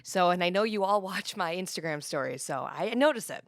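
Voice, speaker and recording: A woman's voice: on the low side, expressive, fairly quick. A woman guest on a podcast, chatting casually in a bubbly, joking way and laughing often. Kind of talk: casual chat.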